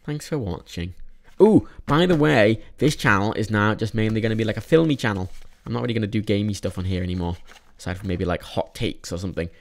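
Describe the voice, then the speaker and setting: Young guy ranting about movies, lotsa restarts and swearing, lowish voice. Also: fast talker, vocal fry. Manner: rambling, swears often, frequent restarts. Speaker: film reviewer. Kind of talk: casual movie review vlog.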